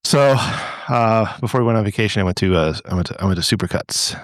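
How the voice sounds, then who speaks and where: A man's voice: lowish voice, brisk, no echo. A man hosting a podcast in loose, rambling chat, swearing freely and restarting his sentences. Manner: rambling, profane, with frequent restarts. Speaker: podcast host.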